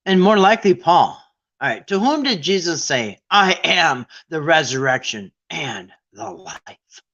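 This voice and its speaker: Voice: mid-range voice, a bit bright, lo-fi sound. A quiz game host in casual, playful chat, with irreverent, sarcastic asides.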